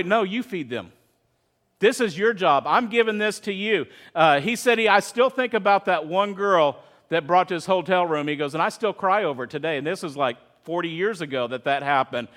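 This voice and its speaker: Middle-aged pastor guy, high voice, chatty sermon storytelling. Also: normal speed, a bit bright. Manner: storytelling, conversational, with quoted voices.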